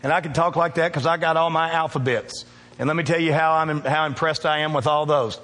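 A man's voice: a little high, steady tone, brisk, fairly bright tone, in a large hall. A male pastor preaching a sermon, emphatic and calling out to his congregation in a church. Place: church sanctuary.

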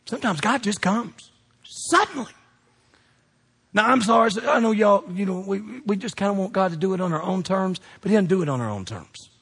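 A man's voice: sits high, a bit bright, breathy edge. A man preaching a sermon as pastor, emphatic and calling out to his congregation. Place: church sanctuary. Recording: long reverb of a large hall.

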